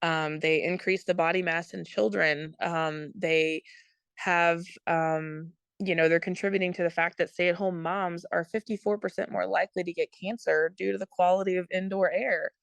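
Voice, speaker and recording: A woman with a low, slightly gravelly voice that stays smooth and clear. She talks earnestly as a podcast guest, explaining at length and filling pauses with ums. The recording is dry and close. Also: steady tone, dry recording. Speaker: guest, product consultant. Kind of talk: casual interview talk.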